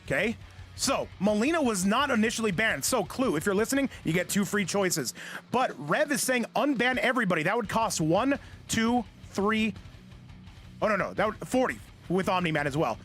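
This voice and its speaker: A man hosting a live esports tournament stream, commentating excitedly and often shouting, talking quickly until he runs out of breath. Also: high voice. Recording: loud game music behind.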